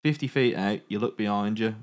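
A man's voice: lowish voice, a little fast. A man hosting a comedy podcast, reading a choose-your-own-adventure story aloud with dramatic narration broken by jokes.

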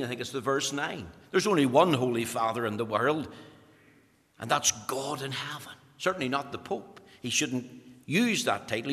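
A man's voice: a little high, bright, forceful tone. A man preaching a sermon, fervent and rising to urgent emphasis. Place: church. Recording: long church reverb.

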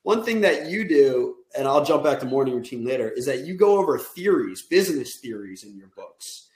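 Male podcast host, mid-pitched, rambling and searching for words, echoey room sound. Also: sing-song, fairly quick, a little mellow. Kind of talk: casual interview chat. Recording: roomy echo.

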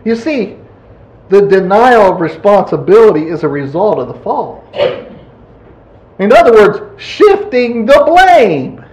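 A man preaching a sermon in a folksy, animated way, acting out quotes. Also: high voice, measured pace. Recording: echoey room.

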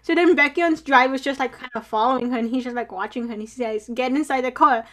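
A young woman casually recapping drama episodes with a friend, animated, swearing freely and acting out her own reactions. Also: sits high, fast talker. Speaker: podcast co-host.

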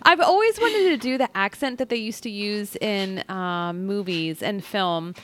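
A woman's voice: mid-range voice, lively intonation, measured pace, fairly bright tone. A young adult woman co-hosting a podcast, chatting bluntly and swearing casually. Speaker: podcast co-host. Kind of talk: casual chat.

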